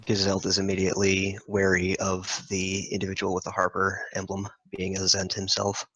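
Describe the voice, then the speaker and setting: A man playing in a tabletop game, relaxed, with frequent fillers. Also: low voice, normal speed, no room sound, rough recording. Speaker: player.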